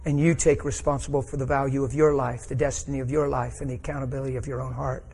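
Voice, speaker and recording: A man's voice: mid-range voice, little pitch movement, fast, darkish tone. A middle-aged man preaching a sermon, telling a personal story with rising emotion.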